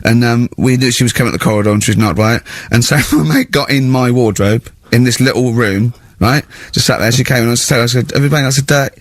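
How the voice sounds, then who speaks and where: A radio host speaking into a close, dry studio mic at an average pitch for a man. He chats casually and tells his stories with animation, often jumping into loud put-on voices for the people in them. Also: quick pace, few pauses, dry recording. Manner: animated storyteller who acts out shouting characters. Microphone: studio microphone.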